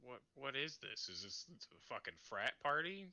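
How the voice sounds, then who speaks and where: A man's voice: medium pitch, big pitch swings, normal speed, sharp tone, dry recording, dull audio. A man playing a tabletop game and cracking sarcastic, profane jokes. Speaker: player. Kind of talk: casual tabletop banter.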